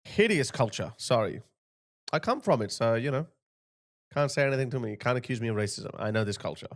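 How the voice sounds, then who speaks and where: Hosting a reaction commentary, a thirty-something man speaks in an animated, brisk, medium-pitched voice. His tone is mocking, and he imitates the voices of those he's talking about.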